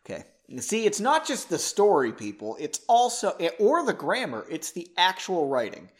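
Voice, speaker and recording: A man on a podcast reads his own story aloud and stops often to mock it. His delivery is sarcastic and self-deprecating, and his voice sits slightly high and swings widely. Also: huge pitch swings, normal speed. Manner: self-mocking, sarcastic asides. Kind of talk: comedic reading with commentary.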